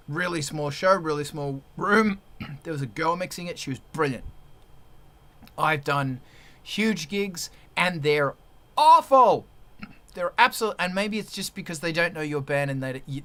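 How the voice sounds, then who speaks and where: A man hosting a live stream as a musician, talking in a rambling, excitable, teasing way. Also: on the high side. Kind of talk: casual live-stream chat.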